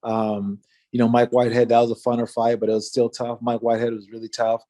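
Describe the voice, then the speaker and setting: A man's voice: medium pitch, monotone, fast talker, mellow. A man in his forties, a guest in a casual interview, telling a story in a laid-back way with many fillers. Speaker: interview guest, former fighter.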